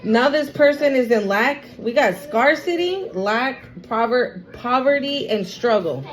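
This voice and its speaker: A woman's voice: fairly high pitch, a little slow, rough recording. A woman giving a casual tarot reading to her viewers, blunt and profane, repeating her warnings for emphasis. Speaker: tarot reader.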